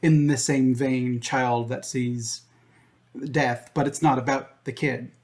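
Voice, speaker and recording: A man's voice: medium pitch, steady tone, slow, a little mellow. Rambling, thoughtful male podcast co-host. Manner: rambling, hedging with fillers and restarts while working out ideas. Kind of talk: casual movie chat.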